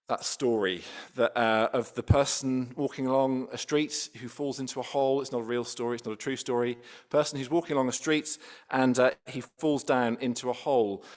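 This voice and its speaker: Delivering a sermon in church, a man speaks in a mid-range voice with a conversational manner, frequently starting over and throwing out rhetorical questions.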